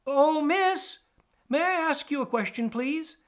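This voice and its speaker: A man voicing an excitable, lovestruck little male pack rat in a storybook reading. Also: takes it slowly, heavily acted. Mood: shy. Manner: high, eager and breathless.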